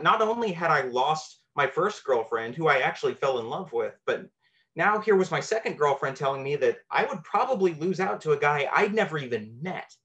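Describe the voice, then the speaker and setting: A man's voice: on the high side, a bit bright, lo-fi sound. A man telling a true, personal story from his teenage years, earnest and candid with a self-deprecating edge.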